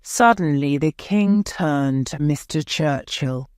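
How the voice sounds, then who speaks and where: A woman narrating a graded-reader story for English learners, reading slowly and carefully. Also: sits low, animated, darkish tone, no room sound, studio quality. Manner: slow, careful, clear reading. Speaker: audiobook narrator.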